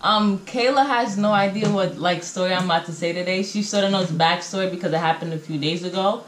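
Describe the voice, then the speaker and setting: Filming at home with a camera mic, a young woman vlogger spins a casual storytime in slang, voicing each person's lines. She speaks fairly quickly in a lowish voice; the audio is poor, reverberant, and has slight background noise.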